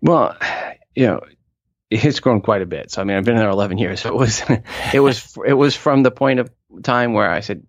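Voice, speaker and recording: A man talking as an expert guest in an interview, explaining with emphatic asides and quick restarts. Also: fairly low pitch, no echo, dull audio. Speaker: podcast industry expert guest. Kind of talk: conversational interview answers.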